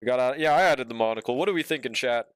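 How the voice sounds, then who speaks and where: A man's voice: mid-range voice, fast talker, clean tone, no room sound, clean studio sound. A young man streaming as he draws, chatting casually with viewers and swearing freely. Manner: laid-back, swears often, talks to chat. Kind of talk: casual stream chat while drawing.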